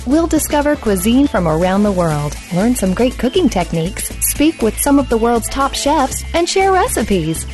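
A woman reads station promos in a polished, upbeat voice. She is high-pitched and very lively, and music plays clearly behind her. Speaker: station announcer. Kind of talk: scripted promo read.

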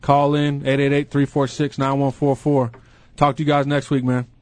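A man's voice: medium pitch, monotone, a little mellow. A man hosting a casual sports talk radio show, joking and running through picks with guests. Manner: easygoing, joking, quick to laugh. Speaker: radio host.

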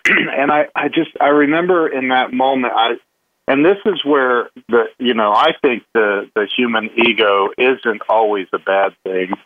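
A man telling a candid personal story as a guest, halting with many restarts and fillers. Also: mid-range voice. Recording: tinny phone line.

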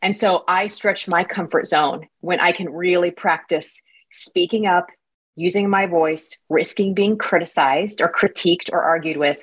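A woman's voice: lowish voice, unhurried, husky. A woman talking as a leadership-coach guest in a podcast interview, candid and reflective, speaking in long runs.

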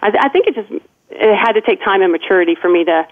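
A woman's voice: medium pitch, animated, fast. A woman in her forties, calling in as a guest, telling a personal story earnestly, with frequent restarts and "you know". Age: 40s. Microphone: phone call. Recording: tinny phone line.

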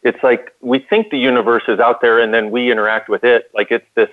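A man's voice: medium pitch, fairly even intonation, fairly quick, no room sound. Earnest man on a tinny phone line. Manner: earnest storytelling with many restarts. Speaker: co-host. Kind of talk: call-in radio talk. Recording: dry phone-line sound.

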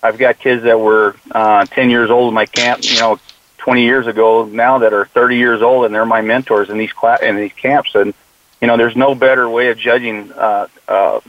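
A man's voice: fairly low pitch, dry recording. Man, earnest storyteller, casual interview, tinny phone-like audio, dry. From United States. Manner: earnest storyteller, often quotes himself with "I said". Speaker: mule deer conservationist and youth hunting mentor.

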